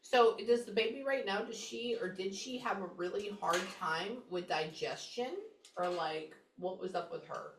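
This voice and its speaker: A chatty, animated woman from Houston works through a psychic reading, stopping herself now and then to listen. She sits at a distance from the mic, so her voice bounces around a roomy space. Her pitch sits in the middle. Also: moderate pace, background noise. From Houston, Texas. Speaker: psychic medium.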